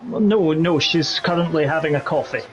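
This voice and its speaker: A man's voice: fairly high pitch, fairly quick, highs cut off, faint music behind. A man joining a sim racing broadcast, jokey and rambling, with many hesitations.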